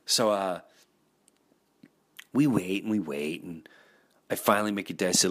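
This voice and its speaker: A man and comedian hosting a podcast, telling exasperated, animated comic stories and acting out voices. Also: low voice, moderate pace, pauses often. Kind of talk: comic storytelling.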